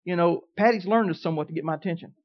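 A man's voice: high voice, racing. Folksy preaching man, dull recording. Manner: folksy storytelling, swings from quiet to loud. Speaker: pastor. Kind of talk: sermon.

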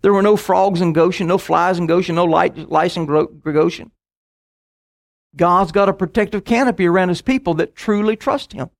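High-voiced man preaching a sermon. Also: creaky. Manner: storytelling with asides and quick bursts.

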